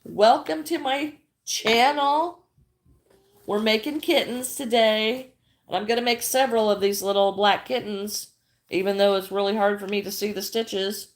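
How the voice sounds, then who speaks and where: A woman's voice: mid-range voice, unhurried. An older woman chatting casually on her crafting livestream, greeting viewers by name and often repeating herself. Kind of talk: casual livestream chat while crocheting.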